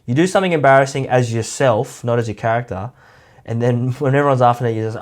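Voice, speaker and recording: A man's voice: medium pitch, fast. A man giving a casual, rambling commentary, full of "like" and mocking asides. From Australia. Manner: rambling, heavy use of "like", mocking. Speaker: YouTube commentator.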